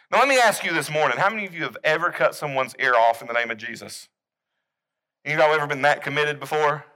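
A man preaching a sermon, animated, swinging between loud emphasis and quiet intensity. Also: sits high, low-quality recording. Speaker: pastor.

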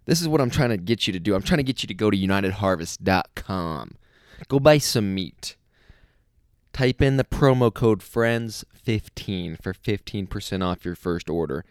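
A man's voice: fairly low pitch, lively intonation, moderate pace, no room sound, clean studio sound. A man, the podcast host, reading a sponsor spot in an exaggerated announcer voice. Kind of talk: ad read.

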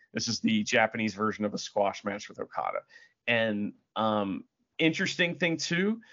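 Animated swearing man, lo-fi sound. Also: medium pitch. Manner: animated, swears freely, acts out quotes. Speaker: podcast co-host. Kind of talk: casual wrestling chat. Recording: dull lo-fi audio.

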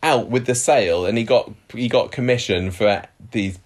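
A man's voice: mid-range voice, moderate pace. A man co-hosting a podcast, retelling a news story in a rambling, self-interrupting way and laughing easily. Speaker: podcast co-host.

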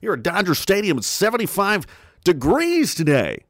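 A wry male baseball announcer, as a man puts him on, calling the game in a lilting, lively cadence pitched a bit high. The delivery is deadpan, and the sound is dry and close. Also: normal speed, dry recording, exaggerated voice.

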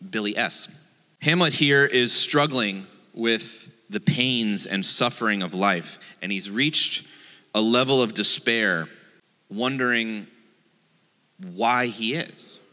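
A man's voice: lowish voice, pushed and bright, in a large hall. A man, a rabbi, giving a playful, joking sermon and acting out the voices in his quotes.

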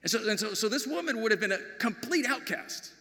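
A middle-aged man preaching a sermon as pastor, with animated storytelling that swings from loud to hushed. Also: high voice, fairly quick, vocal fry. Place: large church sanctuary. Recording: long hall reverb.

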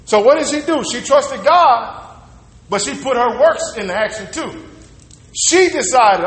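A man's voice: very high-pitched, expressive, a little slow, fairly bright tone. A man preaching a sermon, retelling a story in a loose, conversational way and acting out the characters' lines. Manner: storytelling with conversational asides and acted-out quotes. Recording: echoey hall with long reverb.

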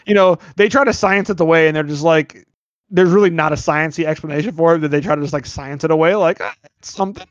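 High-voiced man hosting a casual podcast. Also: fairly even intonation, quick pace, no room sound, dull audio. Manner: rambling, joking, self-deprecating. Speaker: podcast host. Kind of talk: casual movie review chat.

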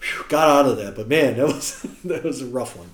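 American man telling a lively story. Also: mid-range voice, moderate pace. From United States. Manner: animated storyteller who acts out quotes. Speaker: guest musician. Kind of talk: casual anecdote telling. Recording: roomy echo.

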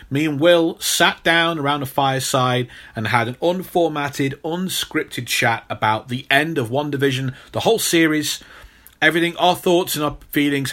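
Playful British man hosting a podcast. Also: medium pitch. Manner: playful, mock-stern and animated. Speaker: podcast co-host. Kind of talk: casual podcast chat.

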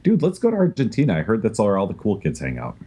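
A man's voice: on the low side, wildly swooping pitch, quick pace, warm tone, breathy edge. A man co-hosting a podcast, chatting in a jokey, teasing way. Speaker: podcast co-host. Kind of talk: casual podcast chat.

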